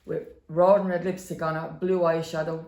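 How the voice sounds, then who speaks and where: A woman's voice: deep voice, moderate pace. A middle-aged woman from inner city Dublin with a Dublin accent, telling family stories as a podcast guest. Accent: Dublin Irish. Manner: lively storyteller, acts out quotes. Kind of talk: storytelling in a podcast interview. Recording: roomy room echo.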